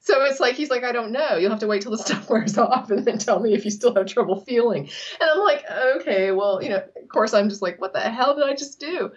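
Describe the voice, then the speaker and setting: A woman's voice: on the high side, fairly quick. A woman co-hosting a casual chat, telling stories animatedly, laughing often and acting out what others said. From Texas. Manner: animated storyteller, laughs often, acts out quotes. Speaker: co-host. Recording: slightly dull lo-fi audio.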